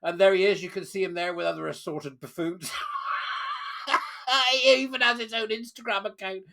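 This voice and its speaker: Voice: mid-range voice, steady tone, moderate pace, vocal fry, bright, forceful tone. A vlogger mocking a news story, reading out quotes, scornful and laughing often. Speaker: commentary vlogger.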